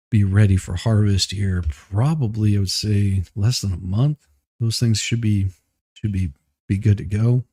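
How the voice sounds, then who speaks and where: A man's voice: fairly low pitch, dark tone, dry recording, clean studio sound. A man hosting a live stream, chatting casually with viewers, rambling and poking fun at himself while a little out of breath. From Southeast Michigan, US. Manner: rambling, self-deprecating, greets chat viewers by name.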